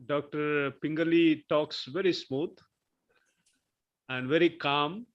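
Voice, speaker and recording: A man giving a session chair's closing remarks, halting and full of filler sounds. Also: on the high side. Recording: muffled lo-fi sound.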